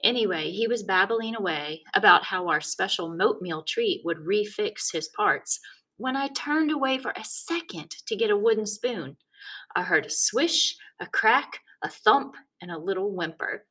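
A woman's voice: mid-range voice, animated, unhurried, bright, forceful tone, slightly rough. Woman narrating a wry first-person story. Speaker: audiobook narrator.

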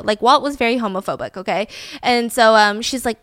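A young woman hosts a casual true-crime podcast and recounts the story in a chatty, animated way, swearing freely. Her voice sits fairly high, and the recording is dry and close. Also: fairly quick, no echo. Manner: chatty, animated, blunt with profanity. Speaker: podcast host.

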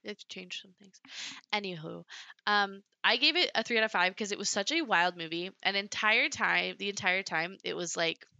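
Gravelly-voiced young woman movie reviewer. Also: medium pitch, sharp tone, no room sound, dull audio. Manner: chatty, blunt, quick to object. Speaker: podcast co-host. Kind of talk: casual movie review chat.

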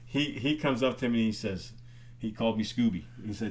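An older man who used to be an athletic trainer tells stories fast in a lowish voice, restarting often and laughing a lot. It's casual storytelling in a group chat, with slight background noise.

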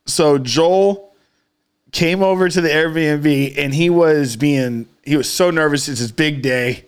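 A man's voice: on the high side, slow pace, clear, resonant tone. A man casually telling a funny story over a call, laughing often and swearing. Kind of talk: casual chat. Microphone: remote call.

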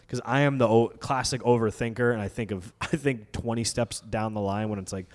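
A man's voice: mid-range voice, fairly even intonation, fairly quick, few pauses, big-room sound. A man in casual podcast chat, telling a story and acting out the quotes, as a comedy show host.

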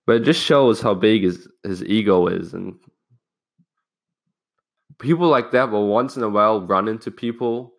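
Young guy rambling thru a story, kinda low voice, swears a lot, acts out what people said. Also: moderate pace, vocal fry, long pauses. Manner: rambling, swears freely, acts out quoted lines. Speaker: podcast host. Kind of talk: casual storytelling monologue.

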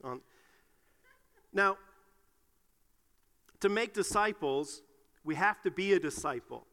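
A middle-aged man delivering a sermon in a high, bright voice. His casual, talky preaching rings out with a long hall reverb. He coaxes the congregation into repeating his lines. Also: animated, slow. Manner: conversational, leads the congregation in call-and-response.

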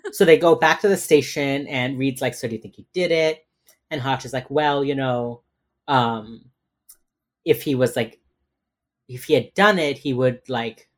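A man co-hosting a podcast, rambling through a casual recap of a TV episode with many fillers. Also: medium pitch. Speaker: podcast co-host.

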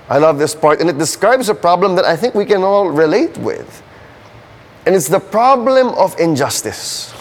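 Earnest pastor in an echoing hall. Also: male voice, high voice. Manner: earnest, building to emphatic questions. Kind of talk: sermon. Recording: long hall reverb.

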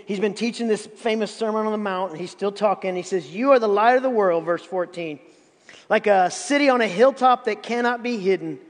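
A man's voice: high voice, long reverb tail. A man in his fifties preaching a sermon as pastor, emphatic and often repeating words to drive a point home. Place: church sanctuary.

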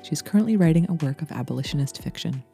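A woman from Brooklyn, host and writer, reading a literary short story aloud in a steady, intimate storytelling manner. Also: sits low, quick pace, vocal fry, slightly rough, soft background music. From Brooklyn, New York.

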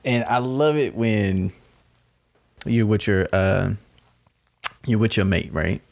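A man talking casually and reflectively, laughing at himself and acting out little quoted exchanges. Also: medium pitch. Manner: laid-back, laughs at himself, acts out quotes.

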